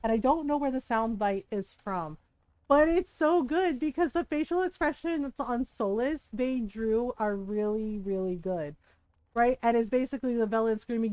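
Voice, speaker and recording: Giggly chatty woman streamer, clear voice. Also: high-pitched, moderate pace, warm tone, no echo. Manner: chatty, giggly, rambling with restarts. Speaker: game streamer. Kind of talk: casual storytelling while gaming.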